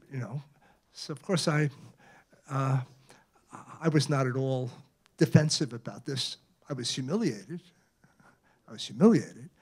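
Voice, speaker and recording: An author in his eighties from Brooklyn, New York gives an anecdotal public talk in a library event room. His mid-range voice is darkish and slightly rough, and he keeps it conversational, checking in with the audience often and tagging many phrases with "right?".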